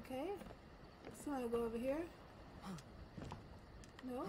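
Jumpy woman gamer, fairly high voice. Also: normal speed, pauses often. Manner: jumpy, exclaiming, repeats herself when nervous. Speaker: gamer streaming a horror game. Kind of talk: casual let's-play commentary. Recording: noticeable background noise.

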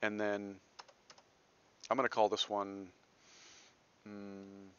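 A very low-voiced man from Texas walks through a literature lecture in a chatty, self-deprecating way. His tone is bright and forceful despite the depth. The recording is dull and lo-fi. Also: completely flat delivery, slow, clean tone. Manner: conversational, self-deprecating asides, frequent "right?".

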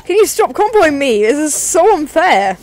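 Woman, high voice, very animated pitch, excitable gameplay commentary, frustrated griping. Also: moderate pace, noisy background. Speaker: gaming video creator.

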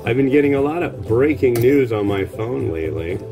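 A man's voice: mid-range voice, animated, normal speed, dull audio. A man hosting a cooking show, chatting casually in a rambling, wry, offhand way. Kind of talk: casual chat while cooking. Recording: music playing underneath.

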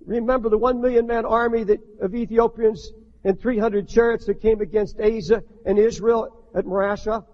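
An older man preaching a sermon as a pastor, impassioned, rising to shouts, with many restarts. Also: high voice, fairly even intonation, normal speed. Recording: dull archival recording in a long-echo hall.

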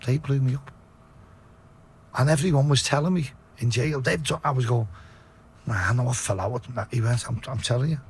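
This podcast guest is a middle-aged man from Liverpool, England, with the accent to match. He talks a little fast, retelling his story bluntly and with plenty of swearing in a low voice, over a faint hiss or hum.

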